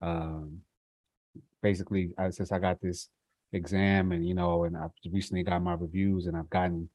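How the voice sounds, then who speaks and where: A man with a fairly low voice chats with friends about his job. He talks in a loose, slangy way, full of "you know". The recording is dry and close. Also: normal speed, no echo. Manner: relaxed, slangy, lots of fillers. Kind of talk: casual chat.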